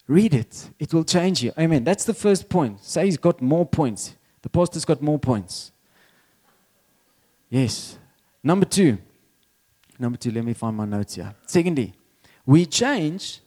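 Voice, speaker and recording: A middle-aged man gives a sermon from the pulpit in a loose, conversational way. His voice sits a little high for a man, yet it sounds mellow and dark. He stumbles over repeated words and lets out small laughs. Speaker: pastor.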